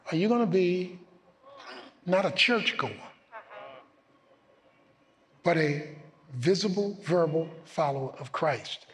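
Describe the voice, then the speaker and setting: A man preaching a sermon as pastor, emphatic, swinging between loud declarations and low asides. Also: big-room sound.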